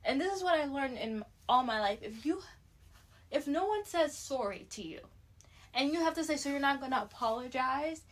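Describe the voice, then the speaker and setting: A woman's voice: high voice, sing-song, normal speed. A young woman with a Canadian accent recapping a reality show, talking straight to her viewers with blunt opinions. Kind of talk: casual chat.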